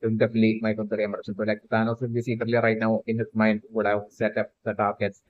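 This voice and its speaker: This low, monotone fan theory creator is a fast talker, rambling through a solo theory commentary with constant "like" and "uh" and repeated restarts. The audio has no room sound but comes across tinny, like a phone.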